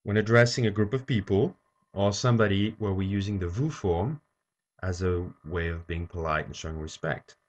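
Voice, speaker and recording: A man teaching a French lesson, saying each phrase slowly and repeating it for learners to copy. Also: sits low. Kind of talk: slow language lesson. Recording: dull lo-fi recording.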